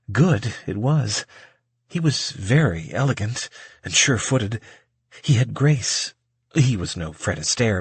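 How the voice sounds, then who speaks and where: A husky-voiced man reads an audiobook in the first person, in a measured and wry way. His pitch sits in the middle range and the recording is dry and close, with no room sound at all. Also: no echo. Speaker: audiobook narrator. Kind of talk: audiobook narration.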